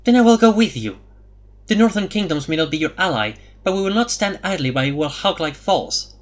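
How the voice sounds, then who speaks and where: A man's voice: high voice, animated, brisk, voice pushed up. Man putting on a cold curt lady envoy, skeptical, audiobook read. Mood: urgent. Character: cold, cynical woman envoy, curt and calculating. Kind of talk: audiobook character voice.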